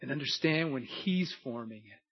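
A man preaching a sermon with an emphatic, repetitive cadence that builds to shouting. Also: mid-range voice, animated, normal speed, breathy edge. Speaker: pastor. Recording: dull lo-fi sound.

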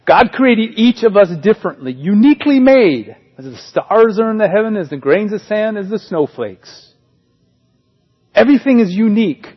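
Brief: male pastor, fairly high voice, chatty sermon delivery with wry jokes, dull lo-fi recording. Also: very animated, normal speed, breathy edge. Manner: conversational, joking asides.

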